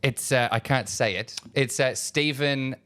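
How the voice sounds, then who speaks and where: A man's voice: medium pitch, measured pace, fairly bright tone, no room sound. An Australian man co-hosting a sports podcast, hesitant with many ums, reading out quiz questions. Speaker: podcast co-host, quizmaster. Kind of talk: casual chat.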